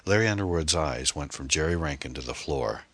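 A man reading a novel aloud as an audiobook narrator in a steady, even-paced way. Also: rumbling low, a little fast, husky, no echo.

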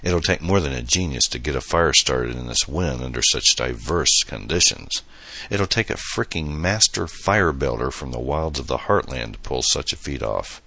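A man's voice: very deep voice, lively intonation, normal speed, creaky, bright, forceful tone, no echo, exaggerated voice. A man playing a playful, boastful young man who jokes with his date, in a storybook reading. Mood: joking. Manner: playful, mock-grand.

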